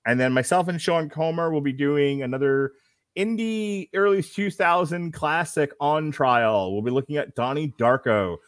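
A man's voice: fairly high pitch, normal speed, no room sound, clean studio sound. A man hosting a casual movie review podcast, reading out critic quotes and laughing often. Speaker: podcast host.

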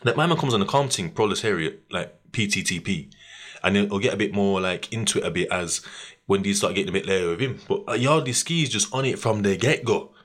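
A young man, hosting a podcast and telling a story in slangy, animated casual chat, laughing often and acting out what people said. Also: fairly low pitch, fast talker. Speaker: podcast host.

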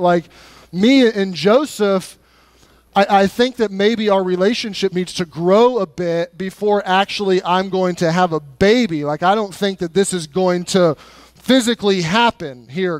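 A man's voice: sits high, a little slow, no room sound. A man voicing a skeptical young woman in casual modern speech. She is hesitant and stumbles over her words.

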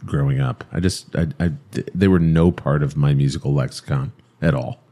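A man with an extremely deep voice, chatting on a podcast. He speaks in a laid-back way, mostly in short remarks. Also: normal speed, warm tone. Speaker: podcast co-host. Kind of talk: casual podcast chat.

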